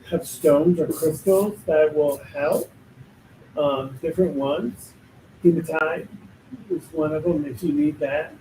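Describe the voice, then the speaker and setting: A man's voice: fairly high pitch, dark tone. A man working as a spiritual medium, talking casually in an emphatic, blunt and joking way. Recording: echoey room, distant mic, faint noise.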